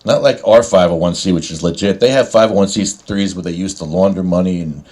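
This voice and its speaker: A man with a low voice hosts a casual podcast chat. He rants and gets sarcastic about what annoys him. His talk is loose and unscripted. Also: fairly quick, a little mellow. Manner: ranting, sarcastic. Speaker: podcast host. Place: New Jersey.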